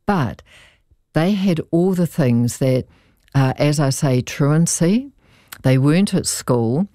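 A lawyer telling a client's story in an interview, in an earnest, measured way with emphatic repeats. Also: medium pitch, animated, dark tone, no room sound, studio quality.

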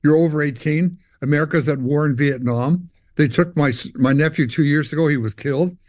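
This is a storytelling interview with an older Canadian man who is a musician guest. His fairly high-pitched voice moves at a brisk clip with no room sound, and he animatedly tells long tales, voicing characters and mimicking guitars.

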